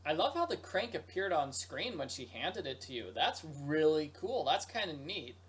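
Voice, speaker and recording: With game music in the background, a male streamer jokes through his let's play, breaking into goofy sung rhymes. His voice is a bit high and very animated, with a breathy edge and a moderate pace.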